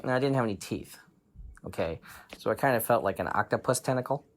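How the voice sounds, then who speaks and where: A man's voice: medium pitch, lively intonation, fast, a little hiss or hum. A man improvising a bedtime story, playful and rambling, breaking into giggles and shrieks.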